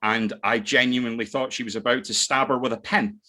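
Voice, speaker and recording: Bright-voiced Scottish man podcasting. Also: mid-range voice, steady tone. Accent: Scottish, mixed from living in many places. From Scotland. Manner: swearing, joking, quick banter with restarts. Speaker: podcast host. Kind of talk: casual podcast chat. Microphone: desk mic.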